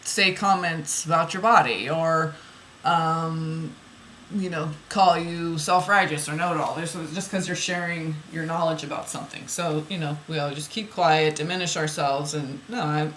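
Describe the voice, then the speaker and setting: A woman's voice: deep voice, steady tone, unhurried, a bit bright, slight background noise, rough recording. A woman reading oracle card messages aloud, then musing about them in loose, rambling asides that repeat phrases.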